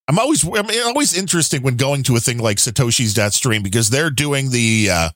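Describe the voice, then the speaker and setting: A man co-hosting a casual tech podcast, talking in an animated, jokey way with big upward swings when he exclaims. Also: medium pitch, a little fast, dry recording, studio quality. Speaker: podcast co-host.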